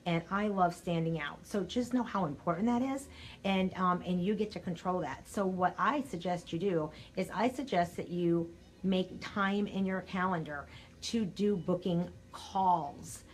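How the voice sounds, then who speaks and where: Older woman, sales coach, lowish voice, scratchy throat, chatty and upbeat, faint hiss behind. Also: unhurried. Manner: energetic, chatty, addresses viewers directly. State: scratchy throat, clearing it often. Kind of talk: live-streamed coaching talk.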